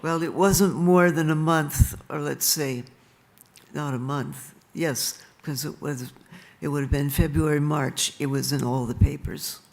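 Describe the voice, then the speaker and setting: An older woman speaking at a live event, telling stories about her life in an unhurried way and laughing softly now and then. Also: deep voice, fairly even intonation, creaky. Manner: slow and unhurried, with soft laughs. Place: stage in a large venue.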